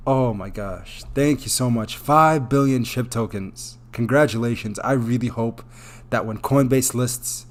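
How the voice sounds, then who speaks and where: A man hosting a crypto live stream, reading viewer messages aloud and thanking them over and over, warm and openly emotional. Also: medium pitch. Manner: effusive, repeats thanks, gets emotional. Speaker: crypto livestream host. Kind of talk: live stream chat, reading super chats.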